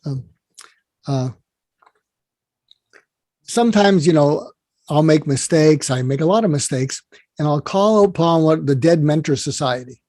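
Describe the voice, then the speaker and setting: A psychiatrist appears as an interview guest, telling rambling stories and restarting often. His voice is mellow and fairly high, with no room sound in the recording.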